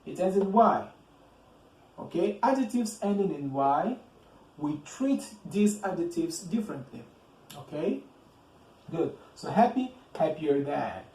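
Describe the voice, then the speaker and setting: Slow, repetitive male English teacher, echoey room. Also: a little high, very animated, a little mellow. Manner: speaks slowly, repeats words, checks in with "okay?". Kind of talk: slow, deliberate grammar lesson. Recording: roomy echo with faint ambience.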